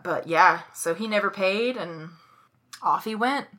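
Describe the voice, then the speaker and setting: Bright-voiced woman co-hosting a chat podcast. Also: mid-range voice, measured pace, slight background noise. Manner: chatty storyteller, laughs easily. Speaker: podcast co-host. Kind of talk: casual chat.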